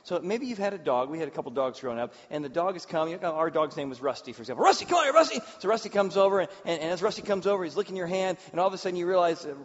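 Male pastor, higher voice, lively storytelling sermon, long hall reverb, dull sound. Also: very fast, few pauses. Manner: animated storytelling with acted-out voices. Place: church hall with audience.

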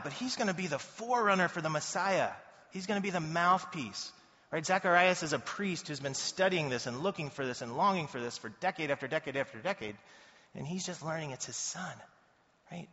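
A man giving a casual, animated sermon as a pastor, often slipping into quoted voices. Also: fairly high pitch, fairly quick. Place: church hall. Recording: dull sound in a reverberant hall.

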